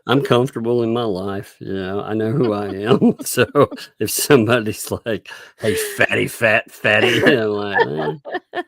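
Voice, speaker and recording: A man's voice: fairly low pitch, normal speed, gravelly, no echo, clean studio sound. A man co-hosting a casual livestream, joking, laughing often and thanking viewers for tips. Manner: relaxed, joking. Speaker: livestream co-host.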